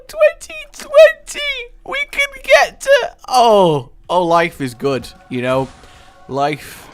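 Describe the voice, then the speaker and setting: A young man talks over his own gameplay with a jokey, excitable manner. His pitch swings widely as he jumps from easygoing remarks to loud, high-pitched cheers. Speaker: gaming video host. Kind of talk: let's play commentary.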